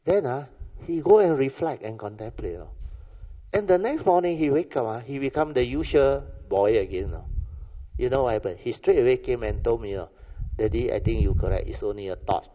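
A man with a Malaysian English accent speaks at a moderate pace in a medium-pitched, lively voice, giving an informal Buddhist teaching full of stories. Conversational in tone, he keeps checking comprehension with "understand or not?" The recording is lo-fi and dull, with hall echo.

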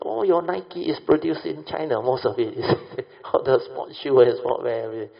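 Man, middling pitch, informal lecturer, rhetorical and tag-heavy, gravelly. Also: expressive, moderate pace. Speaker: speaker addressing an audience. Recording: dull lo-fi recording.

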